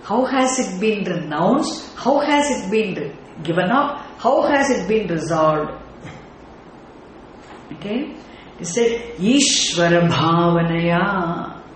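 A teacher giving a scripture class, explaining terms deliberately, checking in with the class through rhetorical questions and now and then chanting words in a sing-song way. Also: mid-range voice, expressive, slight background noise. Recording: very echoey room with faint ambience.

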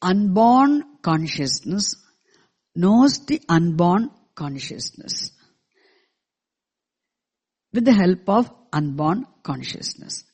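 A teacher explaining a scripture verse to a class in a measured way, repeating key terms and asking the listeners questions, with verses chanted slowly in between. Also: medium pitch, very animated, a little mellow, husky. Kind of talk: scripture lecture.

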